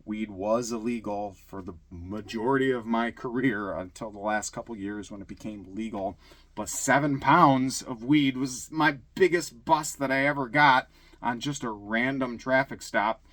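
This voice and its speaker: A middle-aged former police officer from Michigan telling casual stories, acting out quotes with a raised voice. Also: male voice, on the low side, moderate pace, no room sound. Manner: animated, acts out shouted quotes in a raised voice. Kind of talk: casual storytelling.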